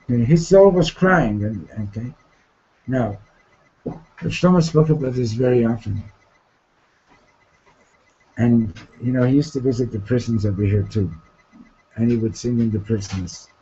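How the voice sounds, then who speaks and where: Man telling a story in class, halting. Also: medium pitch, dark tone, breathy edge, muffled recording. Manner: halting, repeats words and restarts, asks "Okay? Right?". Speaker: teacher. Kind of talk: storytelling lesson.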